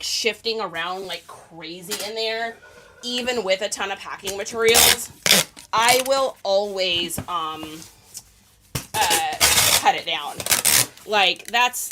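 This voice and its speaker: In a very noisy recording, a woman with a medium-pitched voice chats casually with live stream viewers, reading their comments as she talks. She's a reseller packing orders to ship.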